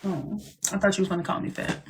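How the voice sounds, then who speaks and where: A man's voice: high-pitched, quick pace, a little hiss or hum. This is a man hosting a casual live stream, talking loosely and teasingly with a dry, sarcastic streak. He rambles between thoughts and cracks jokes as he goes. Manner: sarcastic, joking, chatty.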